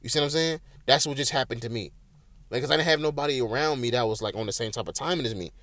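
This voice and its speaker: A man's voice: mid-range voice, fast talker, a bit bright, dry recording. A man hosting a solo podcast in casual, emotional, rambling talk with lots of swearing, recorded in a small home room. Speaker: podcast host.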